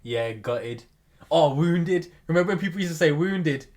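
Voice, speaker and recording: A man's voice: animated, moderate pace, darkish tone. A young man co-hosting a podcast in casual chat, easygoing and often chuckling. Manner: easygoing, chuckling, low-key. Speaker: podcast co-host.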